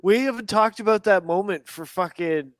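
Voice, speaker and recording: High-voiced man telling a story. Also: normal speed, crowd noise. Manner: animated, profane, laughs often. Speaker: podcast guest. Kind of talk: casual storytelling chat.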